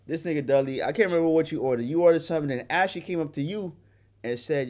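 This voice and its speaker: A man's voice: medium pitch, fast talker. A man co-hosting a podcast, telling a story in casual, profane chat and acting out the other people's lines. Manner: profane, animated, acts out quoted voices. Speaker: podcast co-host.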